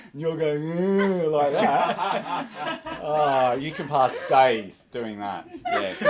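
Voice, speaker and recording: A man doing stand-up comedy in a small club, with an awkward, self-mocking delivery. His pitch swoops widely as he talks. He keeps laughing at his own punchlines.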